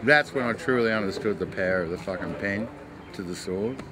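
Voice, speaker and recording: A man's voice: on the low side, a little fast, background noise. A middle-aged man speaking bluntly and emphatically, swearing freely as he recalls an event. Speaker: artist interviewee.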